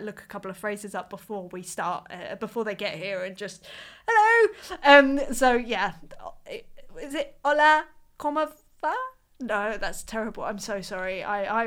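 A woman's voice: mid-range voice, fairly bright tone, clean tone. A woman, chatting casually on a live stream, reading out viewer comments and laughing often.

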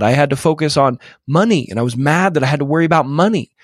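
A man's voice: on the high side, fast, hardly any pauses, no room sound, clean studio sound. A man in his thirties, a podcast guest telling an emotional personal story with many repeated false starts. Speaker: podcast guest, real estate investor.

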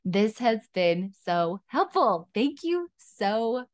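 A woman hosting an interview from her home office, warmly affirming her guest and reacting with enthusiasm. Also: on the high side, big pitch swings, slow pace. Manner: enthusiastic, affirming, frequent backchannels. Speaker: podcast host. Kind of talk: casual interview conversation. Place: home office, video call.

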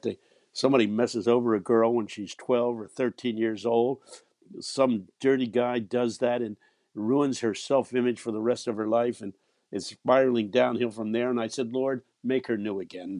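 A man's voice: medium pitch, a little mellow, no echo. A man in his eighties, a preacher telling a personal story, often repeating his words and chuckling as he goes. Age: 80s. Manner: stammering repeats, chuckling as he tells. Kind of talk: storytelling anecdote.

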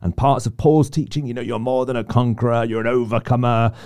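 A man's voice: mid-range voice, level tone, fairly quick, a little mellow, smooth. A man co-hosting a casual faith discussion, reflective and often restarting his sentences. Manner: reflective, self-interrupting. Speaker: podcast co-host.

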